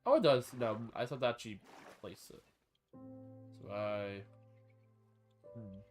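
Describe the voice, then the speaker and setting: A man chatting casually on a live gaming stream, rambling between thoughts and breaking into sudden excited outbursts. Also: fairly low pitch, measured pace, faint music behind.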